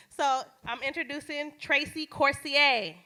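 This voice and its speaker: A woman's voice: high voice, slow pace, sharp tone. A woman host introducing the next comedian in a blunt, casual way on a small theater stage. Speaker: show host.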